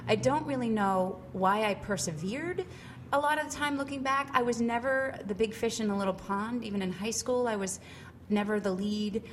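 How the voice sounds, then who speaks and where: A woman's voice: a little high, normal speed, slight background noise. A middle-aged woman from Cambridge, Massachusetts with a Boston accent, chatting animatedly as an interview guest, with many fillers and restarts. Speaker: guest, musical theater actress. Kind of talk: casual interview.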